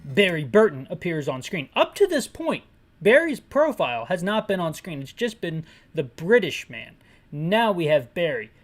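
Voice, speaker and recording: Lively, sarcastic woman narrating a game. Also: fairly low pitch, moderate pace. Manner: sarcastic, rambling, self-correcting jokes. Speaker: game retrospective narrator and describer. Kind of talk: comedic game commentary with descriptive audio.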